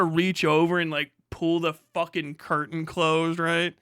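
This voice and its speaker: A man's voice: on the high side, little pitch movement, a little slow, few pauses, bright, forceful tone, clear, resonant tone, no echo, studio quality. A man streaming live, chatting in a rambling, profane way and laughing often. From United States. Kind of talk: casual live-stream commentary.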